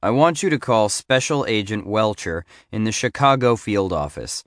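A man's voice: fairly low pitch, lively intonation, moderate pace, a bit bright, no room sound, clean studio sound. A man reading the part of a middle-aged male FBI agent in an audiobook, curt and a bit patronizing. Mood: helpful. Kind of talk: audiobook character voice.

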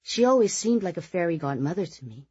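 A woman's voice: on the low side, very animated, brisk, dark tone, breathy edge, dry recording, muffled recording, pitched above the performer's own voice, heavily acted. A narrator voicing a young woman fondly reminiscing about childhood. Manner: fond, reminiscing. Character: young woman fondly recalling a great-aunt.

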